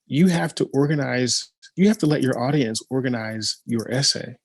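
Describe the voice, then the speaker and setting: A man, a playwright and teacher, talking casually and thoughtfully, pausing often with ums and uhs. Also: medium pitch, breathy edge, no echo. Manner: slow, thoughtful, with many hesitations. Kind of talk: casual conversation.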